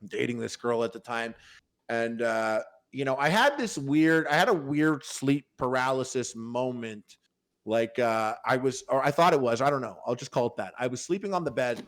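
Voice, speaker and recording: A man's voice: mid-range voice, expressive, normal speed, fairly bright tone. A man telling a long, rambling story on a podcast in casual chat, swearing freely and full of fillers. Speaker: podcast panelist.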